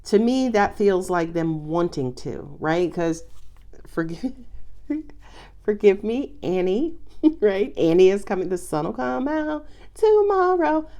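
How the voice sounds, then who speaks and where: A woman giving a casual, expressive tarot reading, chatting freely and exclaiming often. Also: on the low side. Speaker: tarot reader.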